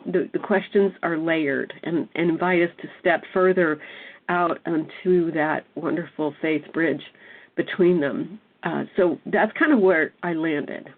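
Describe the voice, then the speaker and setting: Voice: mid-range voice, unhurried. A participant in a lectionary podcast discussion, thoughtful and circling back to rephrase. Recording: tinny phone-like line.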